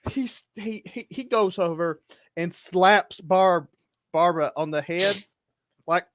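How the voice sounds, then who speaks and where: A man's voice: fairly high pitch, no room sound. A man narrating as game master of a tabletop game, stumbling and restarting as he laughs through the scene.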